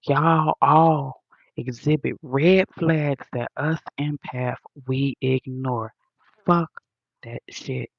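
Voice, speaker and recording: Woman streamer, slow and gravelly, profane and preachy, dull dry lo-fi sound. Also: extremely low pitch, steady tone, dry recording. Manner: blunt, profane, preachy slang. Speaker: livestream host answering comments. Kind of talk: casual livestream rant.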